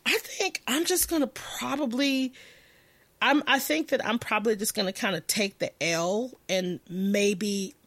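A woman hosting a podcast, talking in a profane, animated and rambling way, often laughing and correcting herself. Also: medium pitch, no room sound. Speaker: podcast host. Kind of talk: casual podcast monologue.

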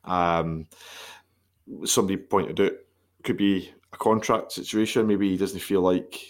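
A man's voice: low voice, fairly even intonation, a little slow. A man with a Scottish accent co-hosting a football podcast, laid-back and dry. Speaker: podcast co-host. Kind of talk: casual football chat.

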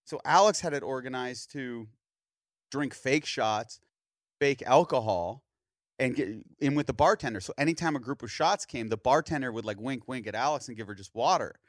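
Male podcast host in his thirties, lively storyteller, wide pitch swings, dry close sound. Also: normal speed, no echo. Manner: animated storyteller, acts out other people's lines. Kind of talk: casual storytelling chat.

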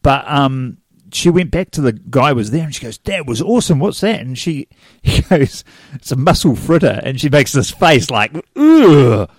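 A man with a New Zealand accent, co-hosting a podcast and telling a story in a relaxed, chatty way. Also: medium pitch, normal speed, no echo, clean studio sound. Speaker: podcast co-host. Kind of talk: casual chat, storytelling.

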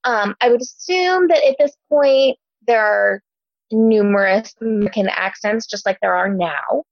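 A woman's voice: a little high, measured pace, no room sound, dull audio. A young adult woman from Omaha, co-hosting a casual book podcast, chatty with many ums. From Omaha, Nebraska. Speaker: podcast co-host. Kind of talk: casual book discussion chat.

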